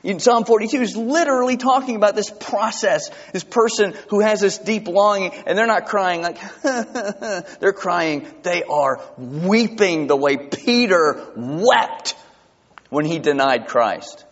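A male pastor preaching a sermon, emphatic, asking his congregation rhetorical questions and reading scripture slowly. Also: sits high, lively intonation. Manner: reads scripture slowly and deliberately. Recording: dull lo-fi recording with long hall reverb.

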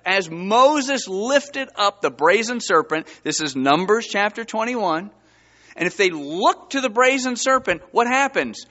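A man's voice: high-pitched, lively intonation, a little slow, sharp tone, dull audio. A man preaching a sermon, reading Bible verses and pressing his listeners with rising emphasis. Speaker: pastor.

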